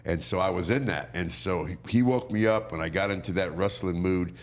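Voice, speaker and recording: Middle-aged male guest, low voice, animated storyteller who mimics the people he quotes. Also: fairly quick. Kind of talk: casual storytelling.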